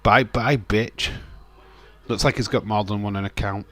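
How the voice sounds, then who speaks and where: A man's voice: lowish voice, steady tone, unhurried, a bit bright. A young man casually commenting on a wrestling watch-along, rambling and swearing while reading chat. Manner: rambling, chatty, swears and laughs, reads chat aloud. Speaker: streamer hosting a watch-along. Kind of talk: casual live-stream commentary.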